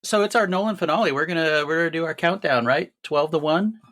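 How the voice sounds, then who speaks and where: Bright-voiced man running the segment. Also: a little high, quick pace. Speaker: podcast co-host. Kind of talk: casual chat.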